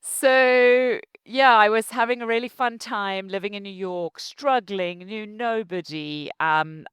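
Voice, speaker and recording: Laughing frequently and full of animation, this Zimbabwean woman in middle age recounts how she founded her company during an interview. She speaks in her Zimbabwean accent at a medium pitch and measured pace, with a clean tone on a dry recording.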